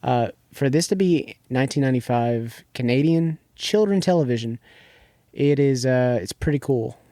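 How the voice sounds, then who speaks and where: A man's voice: mid-range voice, animated, normal speed, mellow, dry recording, studio quality. A young man co-hosting a podcast, casually recapping a TV episode in a rambling way, restarting often and leaning on filler words. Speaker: podcast co-host.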